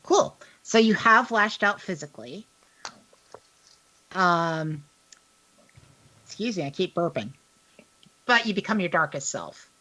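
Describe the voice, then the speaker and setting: A woman's voice: fairly low pitch, expressive, slow pace, long pauses, bright, forceful tone. A woman narrating a tabletop role-playing game as game master, in an easygoing, casual way.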